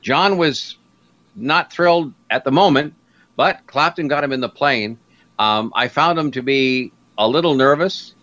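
A man's voice: mid-range voice, a little slow. An older man, a guest broadcaster telling stories from his career in an interview and acting out the people he quotes. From Canada. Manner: animated storyteller who acts out quotes. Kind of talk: anecdotal interview storytelling. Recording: dull lo-fi recording.

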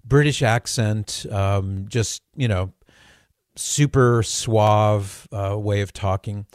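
A middle-aged man hosts a talk show in a low voice, swapping anecdotes in a chatty way with halting restarts. The sound is dry and close, with no room around it. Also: fairly even intonation, no echo. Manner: chatty storyteller with hesitant restarts and chuckles. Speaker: radio talk show host. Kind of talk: casual talk radio chat.

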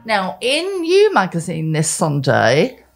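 A blunt woman with a slightly low voice holds forth in casual podcast chat. She talks in opinionated rants. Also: huge pitch swings, slow pace, vocal fry, soft background music. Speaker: podcast co-host, columnist.

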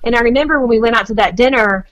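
Woman in her forties, guest giving marriage advice, earnest, slightly high voice. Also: very fast, a bit bright, rough recording. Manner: earnest, searching for words, many fillers. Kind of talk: casual chat.

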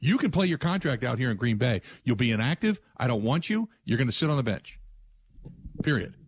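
A man's voice: medium pitch, big pitch swings, a little fast, husky, no echo. A man hosting sports talk radio, delivering a blunt, emphatic opinion monologue with frequent restarts.

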